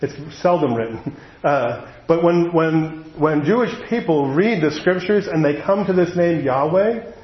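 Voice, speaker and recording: A man gives a sermon in a loose, conversational style, breaking off for quick asides. His voice sits a little high for a man. The sound is muffled and lo-fi, with a roomy echo around it. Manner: conversational and animated, with asides and chuckles. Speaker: pastor. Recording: echoey room, dull lo-fi sound.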